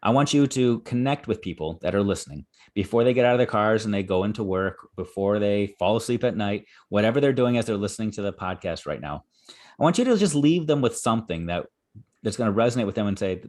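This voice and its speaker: A man's voice: lowish voice, lively intonation, fast talker, darkish tone. Earnest, encouraging male podcast host. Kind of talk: conversational podcast interview.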